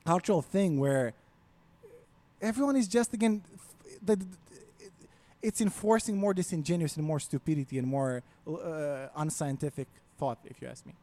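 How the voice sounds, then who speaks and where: A man's voice: a little high, moderate pace. A man on a podcast, ranting casually with a lot of swearing. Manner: profane, ranting, animated.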